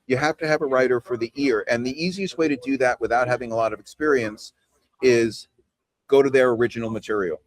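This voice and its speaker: A man leads a training session over a video call. His speech is loose and chatty, and he keeps tagging "right?" onto his points. His voice sits at an ordinary pitch for a man. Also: brisk, dry recording. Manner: conversational, peppers talk with "right?" and "you know". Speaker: trainer leading a team call. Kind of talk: casual coaching talk on a video call.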